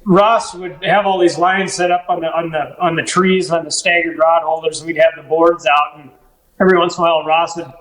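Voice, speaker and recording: A man telling stories as a podcast guest and fishing guide, animated and full of restarts. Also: on the high side, a little fast, poor audio. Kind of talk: casual storytelling chat.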